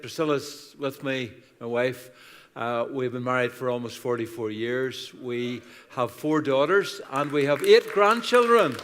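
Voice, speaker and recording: A man's voice: mid-range voice, fairly bright tone. A man in his sixties with an Irish accent, a guest pastor telling funny stories in a chatty, self-deprecating sermon. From Ireland. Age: 60s. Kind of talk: humorous sermon storytelling. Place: church auditorium. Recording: reverberant church hall.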